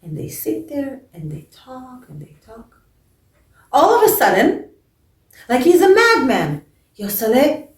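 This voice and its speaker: A woman storyteller narrating a folk tale with drama, her voice swelling loud and dropping to a hush. She speaks slowly in a fairly high voice, sounding distant in a roomy, echoing space. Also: very animated. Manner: dramatic, swinging from hushed to loud. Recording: echoey room, voice from a distance.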